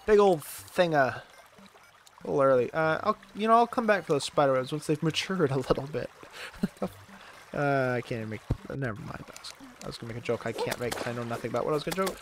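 A man's voice: medium pitch, animated, fast, slight background noise. A man giving casual let's-play commentary while gaming, rambling and self-mocking, laughing often and groaning dramatically when his character gets hurt. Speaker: gaming channel host.

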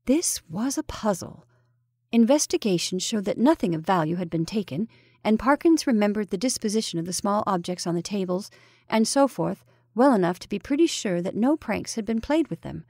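A woman storyteller reading a ghost story aloud with measured, even narration. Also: medium pitch, no room sound, studio quality.

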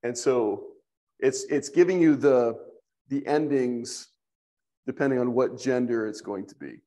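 Slow, patient man teaching a class. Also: medium pitch, warm tone. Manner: slow, patient, thinks aloud with fillers. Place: church classroom.

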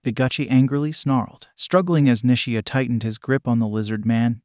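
A man narrating a fan fiction story with a steady, even delivery. His voice sits at a middle pitch and is recorded dry and close, with no room sound. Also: brisk, hardly any pauses, dry recording.

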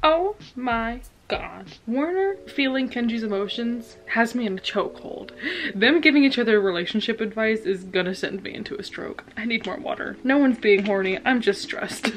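A young woman book vlogger reacting while she reads, excitable and dramatic, with frequent laughter and gushing asides. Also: fairly high pitch, a little fast. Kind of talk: casual reading reaction vlog.

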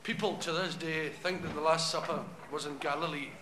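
A man's voice: a little high, fairly even intonation, brisk, very noisy. A man with a Glasgow accent doing live stand-up, telling a rambling story and laughing at his own jokes. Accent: Scottish (Glasgow). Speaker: stand-up comedian. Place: concert stage before a large audience. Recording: echoey live hall with loud audience.

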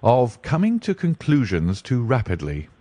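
A man voicing a brilliant, dreamy detective who speaks deliberately and muses aloud. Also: mid-range voice, huge pitch swings, mellow, no room sound, voice pushed up. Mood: musing. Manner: deliberate, musing.

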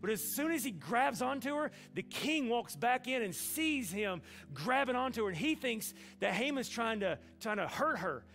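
A man's voice: very high-pitched, sing-song, normal speed, vocal fry, few pauses, fairly bright tone, slight background noise. A man from Alabama, preaching a sermon in a folksy, humorous storytelling way. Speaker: pastor.

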